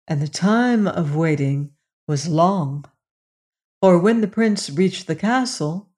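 A storyteller reading a fairy tale aloud in a slow, measured way. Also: mid-range voice, darkish tone.

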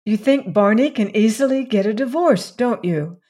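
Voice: mid-range voice, measured pace, natural voice. A narrator voicing a weary young woman. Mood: weary, blunt. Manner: flat, mechanical delivery. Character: weary, blunt young woman leaving her marriage.

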